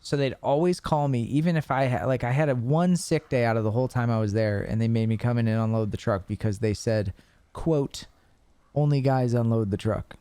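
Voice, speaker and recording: A young man hosting a podcast, telling stories in a casual, animated way with plenty of swearing. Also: medium pitch, brisk, smooth, no room sound. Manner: animated storytelling with profanity. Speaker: podcast host. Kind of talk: casual chat.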